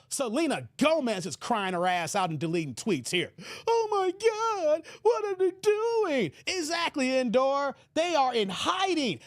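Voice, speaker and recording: A man's voice: extremely high pitch, no echo, studio quality. A man from the United States, hosting his channel and reading emails aloud in a mocking, combative rant. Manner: combative, mocking, repeats filler "here". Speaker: channel host. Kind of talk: reading emails and ranting on camera.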